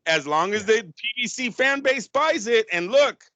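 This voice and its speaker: A man co-hosting a casual boxing podcast, talking fast and analytically with frequent restarts. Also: very high voice, lively intonation, bright, forceful tone, no echo. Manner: fast analytical, restarts, argues business points.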